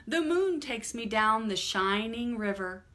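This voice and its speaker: A woman reading the lines of a kind, helpful moon in a gentle storybook voice. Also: a little high, animated, measured pace.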